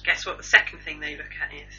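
A woman's voice: low voice, little pitch movement, fast, sharp tone. A woman co-hosting a casual homemade news chat, reading out gossip items with dry jokes. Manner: dry, joking news rundown. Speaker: podcast co-host. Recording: lo-fi home recording.

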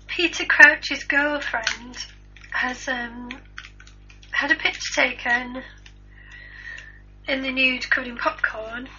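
High, bright-voiced woman, crude banter. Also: fairly even intonation, takes it slowly, pauses often, slight background noise. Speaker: podcast co-host. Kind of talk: casual chat. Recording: lo-fi home recording.

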